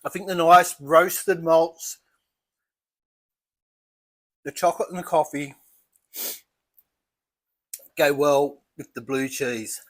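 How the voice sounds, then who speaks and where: An Australian man reviewing beer in a casual home vlog, chatty and relaxed, talking as he eats and drinks. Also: fairly high pitch, slow pace, pauses often. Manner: relaxed, chatty, thinking aloud while eating and sipping.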